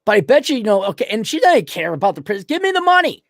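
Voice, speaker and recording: A man's voice: high-pitched, sing-song, fast, no echo, studio quality. Profane, mocking man ranting. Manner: profane, mocking, blunt and loud. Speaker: host. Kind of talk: ranting commentary to an audience.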